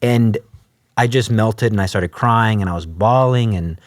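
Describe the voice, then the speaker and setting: A man's voice: on the low side, measured pace, no room sound, studio quality. A man telling his story as an interview guest, acting out the voices of the people in it. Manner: animated, acts out quoted voices. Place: podcast studio.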